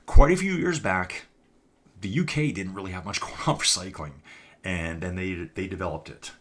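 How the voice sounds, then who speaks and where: A man with a low voice gives casual live-stream commentary on an online cycling race. He rambles in a chatty way, calls his viewers folks and answers the chat as he goes. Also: fairly quick, fairly bright tone.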